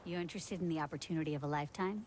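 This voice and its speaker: An actress playing a shrewd, folksy prospector, pitching a deal in a game. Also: female voice, very fast, a little mellow, a little hiss or hum, lightly acted. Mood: sly.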